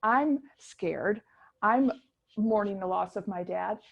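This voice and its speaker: A middle-aged woman, telling her story as a guest in a casual interview, animated and chatty with many restarts. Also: mid-range voice, takes it slowly, creaky, breathy edge, lo-fi sound. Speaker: guest chef.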